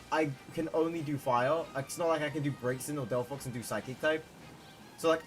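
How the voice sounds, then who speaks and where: Excitable young man streaming a game. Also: a little high. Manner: excitable, talks to chat, repeats himself. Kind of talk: live-stream game commentary. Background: background music.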